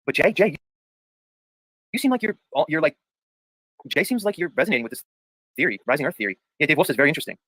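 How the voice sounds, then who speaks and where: A man's voice: fairly high pitch, very animated, fast, long pauses, sharp tone, no echo, poor audio. A man hosting a livestream panel in casual chat, reading viewer comments aloud and arguing his points emphatically, with lots of "dude" and "bro". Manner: argumentative, repeats points for emphasis.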